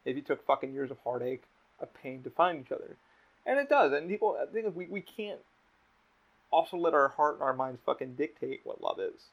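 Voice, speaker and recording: A young man with a gravelly, creaky voice hosts a casual podcast chat. He talks emotionally, swears a lot and often restarts his sentences. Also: fairly high pitch, big pitch swings, brisk, highs cut off. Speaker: podcast host.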